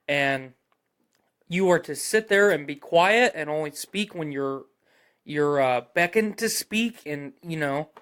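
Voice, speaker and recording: A man with a voice on the high side talks in casual podcast chat. He is blunt and opinionated and swears freely. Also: a bit bright, clear, resonant tone. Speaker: podcast co-host.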